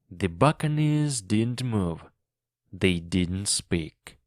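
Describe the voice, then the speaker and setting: A man reads a storybook aloud for language learners in a clear, deliberate way. His voice sits low, and he takes his time over every phrase. The recording is dry and close, with no room sound. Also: no echo. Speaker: narrator and English teacher. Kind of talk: slow audiobook reading for learners.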